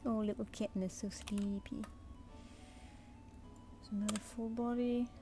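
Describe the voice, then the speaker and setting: A woman's voice: mid-range voice, little pitch movement, unhurried, over music. A woman artist chatting casually on a live stream while she draws, muttering and counting under her breath.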